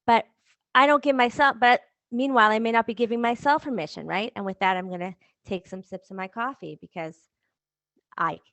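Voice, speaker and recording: A woman's voice: on the high side, brisk, dry recording. A woman coach hosting a podcast, talking her listeners through self-compassion in a conversational way full of rhetorical questions. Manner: warm conversational, rhetorical questions, laughs lightly. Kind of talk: motivational talk to listeners.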